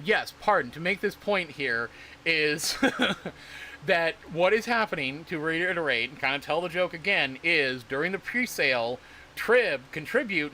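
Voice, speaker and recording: On a casual livestream, a man with a fairly high, sharp voice rambles about crypto and swears in exasperation. There is a slight hiss or hum in the audio.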